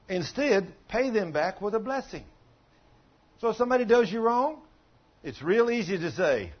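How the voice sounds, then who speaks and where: Male pastor, sermon, folksy storytelling, asks the congregation questions, slightly high husky voice, dull lo-fi recording. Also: very animated, normal speed.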